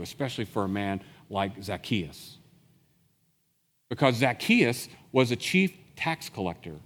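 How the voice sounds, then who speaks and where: A man preaching a sermon as a pastor, telling the story with animated energy and acting out the voices he quotes. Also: medium pitch, big-room sound.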